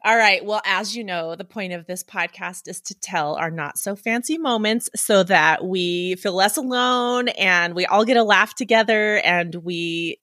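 A woman's voice: mid-range voice, unhurried, few pauses, pushed and bright. A woman hosting a podcast, asking her guest questions in a friendly way and laughing often. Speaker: podcast host. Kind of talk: casual podcast interview.

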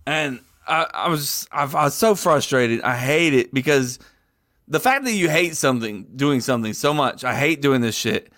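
A man grumbling and swearing through a casual podcast chat, often getting loud when he rants. His voice sits at a middle pitch. The sound is dry, with no room echo. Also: animated, moderate pace. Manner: profane, rants loudly when worked up. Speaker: podcast co-host.

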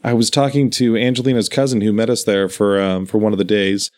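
A man with a fairly low voice talks in an easygoing, meandering way, piling up details with real enthusiasm. It sounds like an unscripted podcast chat between friends. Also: little pitch movement, brisk. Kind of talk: casual chat.

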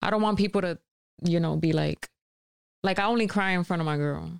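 Very low, gravelly woman speaking candidly. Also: a little fast, no room sound, studio quality. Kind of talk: casual chat among friends.

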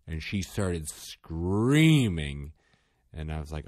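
A man in casual chat, a parent of two young children, telling animated stories and acting out the kids' lines. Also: a bass voice, slow, no room sound, clean studio sound.

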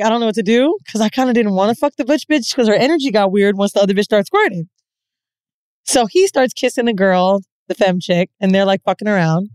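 A woman co-hosting a podcast, telling a story in a casual, profane and animated way and laughing often. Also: medium pitch, clear, resonant tone, no echo, studio quality. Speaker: podcast co-host.

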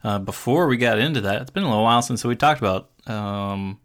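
A man's voice: fairly low pitch, brisk, a bit bright. A man hosting a podcast, joking and teasing in casual chat. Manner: jokey, teasing. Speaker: podcast host.

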